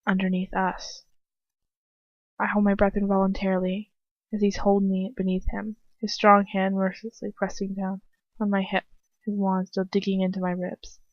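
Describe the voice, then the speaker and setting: Woman reading a story with lively asides. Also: medium pitch, moderate pace, no echo, highs cut off. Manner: dramatic, breaking off into laughing commentary. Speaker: fanfiction reader.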